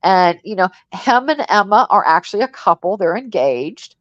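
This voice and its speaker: A woman's voice: mid-range voice, big pitch swings, normal speed, no room sound. A woman from Missouri co-hosting a livestream, talking in a chatty, rambling and frank way. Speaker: livestream co-host. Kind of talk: casual chat. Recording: dull lo-fi dry sound.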